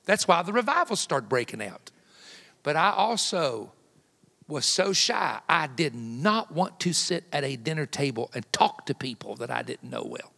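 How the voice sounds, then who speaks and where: A man in his fifties, a guest evangelist preaching a sermon with folksy, joking personal stories that build to loud emphatic peaks. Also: a little high, sing-song, moderate pace, vocal fry. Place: church sanctuary. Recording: long hall reverb in a church.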